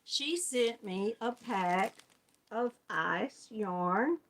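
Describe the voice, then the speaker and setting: A woman's voice: mid-range voice, animated, drawn-out words, fairly bright tone, slight background noise. A woman with a Southern US accent hosting a casual live crochet chat, greeting viewers by name and laughing often. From Georgia, US. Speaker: crochet channel host.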